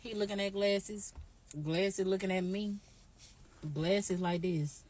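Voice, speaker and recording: A woman vlogger telling an animated, profane, slangy story straight to camera. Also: mid-range voice, takes it slowly. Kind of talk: storytime vlog.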